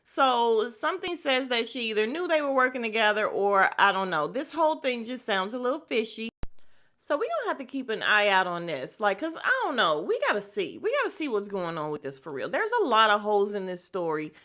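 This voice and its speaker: A woman with a somewhat high voice hosts a casual recap podcast, talking candidly and bluntly with plenty of swearing. She wanders into tangents and speaks straight to her listeners. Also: big pitch swings, brisk, a bit bright. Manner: candid, gossipy and blunt, with frequent profanity; drifts into tangents and self-aware asides to listeners. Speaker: podcast host recapping a reality show.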